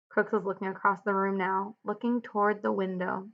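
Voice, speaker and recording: A woman's voice: medium pitch, level tone. Teacher woman explaining a read-aloud. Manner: clear, measured explaining, asks questions. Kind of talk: read-aloud with guided commentary. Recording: dull lo-fi recording.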